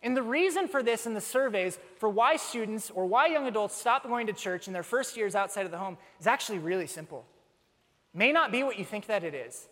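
A young man preaching a sermon as a pastor, telling stories with animated, self-mocking humor. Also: high voice, fairly quick. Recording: long reverb of a large hall.

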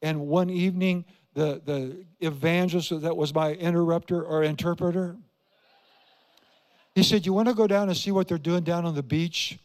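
A man's voice: on the high side, steady tone, normal speed, darkish tone, big-room sound. A man in his seventies from Iowa, preaching a sermon as a pastor, telling stories with emphatic repetition and questions to the congregation. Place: church sanctuary.

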